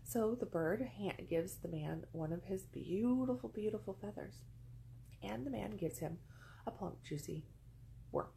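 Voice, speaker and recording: A woman's voice: mid-range voice, a little slow, vocal fry, mellow, slight background noise, low-quality recording. A woman vlogger telling a casual, rambling story, repeating phrases for emphasis, settled among pillows indoors.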